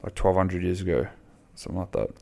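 A man's voice: sits low, fast, vocal fry, warm tone. A man, chatting casually and bluntly on his own podcast, rambling and swearing freely. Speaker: podcast host. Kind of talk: casual solo podcast chat.

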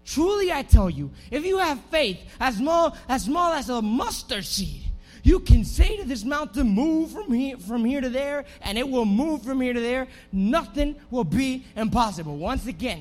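A young man preaching a lively sermon in a church, moving from hushed talk to shouting and acting out scenes. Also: very high-pitched. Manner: animated, swings from hushed to shouting, acts out scenes. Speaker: pastor.

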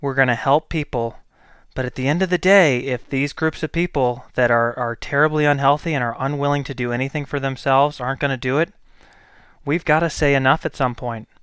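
A man's voice: medium pitch, brisk, fairly bright tone, clear, resonant tone, no room sound. A healthcare provider, a man, speaking in a blunt, exasperated and emphatic monologue. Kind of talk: opinion monologue.

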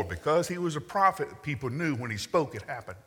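A man's voice: on the high side, sing-song, normal speed, hardly any pauses, fairly bright tone. A man preaching a sermon, telling the story with wry asides and acting out the quotes. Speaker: pastor. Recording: long reverb in a large hall.

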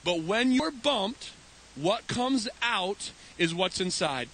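A man's voice: high voice, slow, low-quality recording. A man preaching a sermon as pastor, telling stories and acting out voices as he goes. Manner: animated, acts out voices in anecdotes. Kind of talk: storytelling sermon. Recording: faint hiss.

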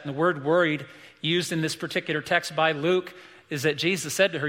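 A man delivers an earnest, emphatic sermon, circling back to repeat his main points. His voice sits slightly high and sounds very bright. It rings in a church sanctuary with long reverb. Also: steady tone, moderate pace. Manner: earnest, emphatic preaching with repetition. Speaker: pastor.

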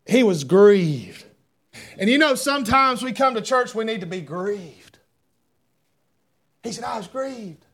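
A middle-aged man preaching a sermon, fervent, swinging between loud shouts and hushed asides. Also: high voice, big pitch swings, measured pace, long pauses.

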